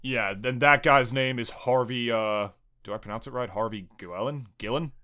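Bright-voiced, rambling podcast man. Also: medium pitch, fairly even intonation, normal speed, smooth. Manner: rambling, profane, jokey. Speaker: podcast co-host. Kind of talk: casual chat.

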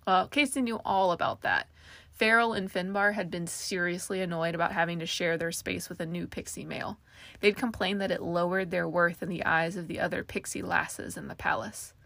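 A woman narrating a fantasy story aloud in a steady storytelling manner, giving each character a voice. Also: lowish voice, moderate pace, creaky, no room sound. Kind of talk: audiobook narration.

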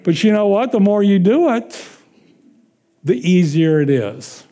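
Man preaching a sermon, real slow, mellow warm tone, tells stories and laughs along. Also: high voice, lively intonation. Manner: slow, drawn-out preaching with call-and-response questions; chuckles through casual anecdotes.

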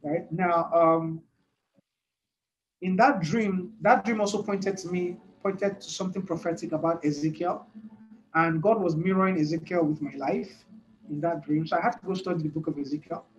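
A man's voice: fairly high pitch, fairly even intonation, normal speed, lo-fi sound, soft background music. A male preacher giving a sermon in an emphatic way, repeating his points and laughing between them.

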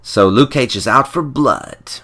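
A man's voice: medium pitch, unhurried, pushed and bright. A man co-hosting a podcast, casually retelling a comic book plot with lots of "uh" and "you know.". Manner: rambling, full of fillers and restarts. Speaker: podcast co-host. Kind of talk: casual comic recap chat.

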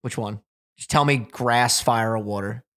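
A young man hosting a casual podcast, animated and swearing freely, acting out quotes as he tells stories. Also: mid-range voice, unhurried. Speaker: podcast host.

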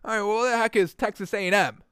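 A man hosting a sports show, chatting excitedly about free agency and betting picks, with lots of fillers. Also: high-pitched, fast talker, smooth, no room sound, studio quality. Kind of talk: casual sports betting talk.

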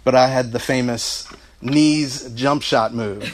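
Brief: middle-aged man, mid-pitched voice, tribute speech, storytelling with light laughter, faint background noise. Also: steady tone, takes it slowly. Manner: storytelling, warm asides, laughing through anecdotes. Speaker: son giving a speech. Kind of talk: heartfelt family tribute speech.

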